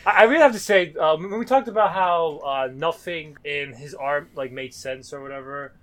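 A man's voice: on the high side, normal speed. A man co-hosting a casual podcast, teasing his co-host and scoffing at the art with frequent swearing. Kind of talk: casual chat.

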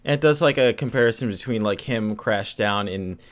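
A man co-hosting a casual comic book chat, laid-back and halting with fillers. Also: fairly low pitch. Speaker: podcast co-host.

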